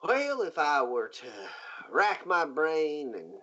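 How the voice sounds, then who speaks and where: A man's voice: a little high, slow pace. Game master man, muffled lo-fi sound. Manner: relaxed, many fillers, mimics sounds. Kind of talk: narrating a tabletop game. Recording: muffled lo-fi recording.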